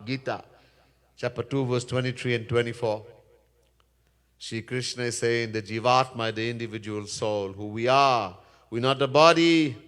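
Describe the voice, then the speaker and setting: A man's voice: mid-range voice, steady tone, normal speed, a bit bright, clean tone. A man preaching as a swami, telling a scripture story earnestly and chanting verses, recorded in a Hindu temple. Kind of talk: sermon storytelling. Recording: echoey temple hall.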